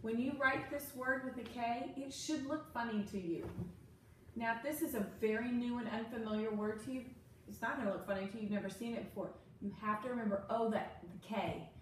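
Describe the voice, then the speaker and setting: A woman tutor leads a one-on-one phonics lesson, prompting each step patiently and clearly. She is recorded from some distance in a very echoey room. A faint background ambience sits under her voice. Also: fairly high pitch, a little fast, slight background noise. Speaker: reading and spelling tutor.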